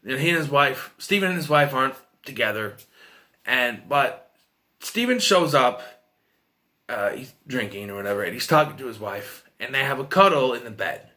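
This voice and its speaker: A man's voice: mid-range voice, lively intonation, moderate pace, sharp tone. A man giving a casual, rambling film review, retelling scenes and quoting characters, with frequent restarts and fillers. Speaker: movie reviewer.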